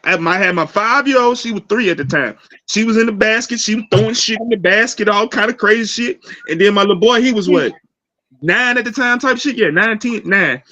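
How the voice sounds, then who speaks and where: A man's voice: sits high, brisk, pushed and bright, dry recording. A man, talking in a fired-up, profane way in a casual barbershop chat. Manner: profane, fired-up, repetitive restarts. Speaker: podcast co-host. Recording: dull lo-fi sound.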